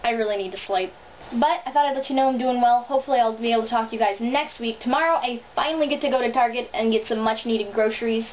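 A young woman with a slight lisp, vlogging in an animated, sarcastic, chatty way, recorded on a built-in camera mic. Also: fairly high pitch, quick pace. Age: young adult. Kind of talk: casual vlog chat. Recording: dull lo-fi camera audio, faint hiss.

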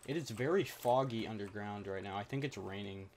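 Low-voiced gamer over keyboard clicks. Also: male voice, a little fast, very noisy. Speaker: gaming commentator. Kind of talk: casual gaming commentary. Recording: clear keyboard clicks behind the voice.

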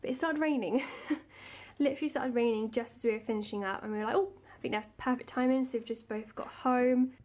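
A woman's voice: on the high side, steady tone, brisk, darkish tone. A young woman in her twenties chatting casually to camera in a vlog, giggly and full of fillers. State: a little out of breath. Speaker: vlogger. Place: home, indoors.

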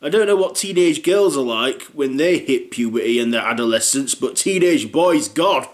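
A man's voice: mid-range voice, expressive, normal speed. A middle-aged man with a Northern English accent delivering a rambling comedic character monologue, blunt and casually sweary.

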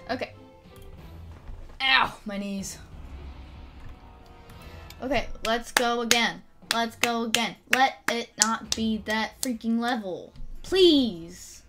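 A woman livestreaming gameplay, reacting excitedly and swinging from low mutters to loud shrieks. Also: slow pace, pauses often, soft background music. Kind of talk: gameplay commentary.

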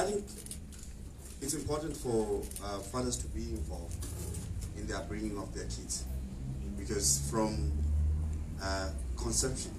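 Earnest man, echoey hall. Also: on the low side. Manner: earnest, repeats words while searching. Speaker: panelist. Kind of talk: panel discussion speech. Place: exhibition hall. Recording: echoey hall, distant mic, faint noise.

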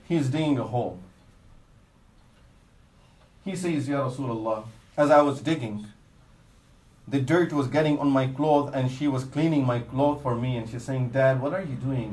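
This Islamic preacher has a mid-range, slightly mellow voice, captured in a low-quality recording with an echoey room. He delivers an English sermon laced with Arabic religious phrases, telling a story earnestly and lowering his voice at its saddest moments.

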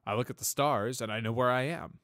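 A man's voice: medium pitch, brisk, a bit bright, no room sound, studio quality, pitched above the performer's own voice, close to an everyday voice. A man voicing a cheerful, eager young male pegasus navigator in a fan storybook reading. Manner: upbeat, eager, talkative.

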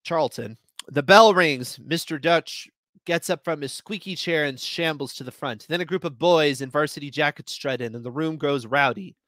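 A man giving a live reading of short stories, with expressive first-person narration. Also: on the high side, normal speed, dry recording. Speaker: reader.

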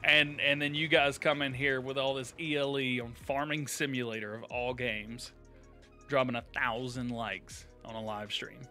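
A man with a drawl hosting a live game stream, chatting casually with viewers, laughing often and thanking them warmly. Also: mid-range voice, fairly even intonation, normal speed. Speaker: live-streaming gamer host. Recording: light game music behind.

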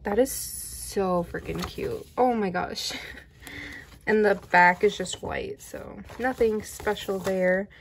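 Young female vlogger, casual unboxing chat, excitable and prone to happy squeals. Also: medium pitch, slow pace, a little hiss or hum. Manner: excitable, giggly, squeals with delight.

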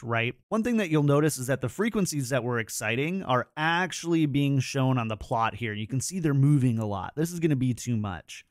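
A man's voice: mid-range voice, expressive, a little fast, hardly any pauses, no room sound. Man demoing his studio mic, dry sound. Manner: clear, instructive, demonstrates sounds into the mic. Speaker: product tutorial presenter. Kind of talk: scripted product tutorial. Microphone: studio microphone, close.

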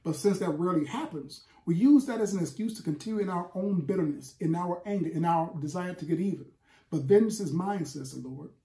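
A man's voice: high voice, fast, hardly any pauses, mellow, reverberant. A man preaching a sermon in an emphatic, rhythmic style, building repeated lists. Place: church sanctuary.

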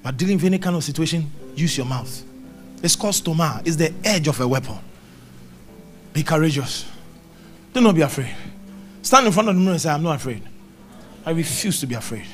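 A man's voice: fairly high pitch, expressive, fairly quick, long pauses, soft background music. A middle-aged man preaching a sermon at a church service, emphatic and repetitive, quoting scripture. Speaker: pastor.

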